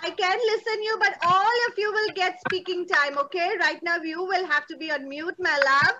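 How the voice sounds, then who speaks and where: A woman's voice: very high voice, moderate pace, bright, forceful tone, lo-fi sound, slight background noise. A young woman leading an online children's drama class over a video call, playful and coaxing, using endearments. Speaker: theatre workshop instructor.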